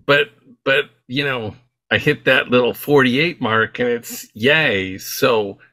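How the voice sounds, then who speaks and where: A man asking questions on a casual group call, halting and hesitant with many restarts. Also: mid-range voice, bright, forceful tone.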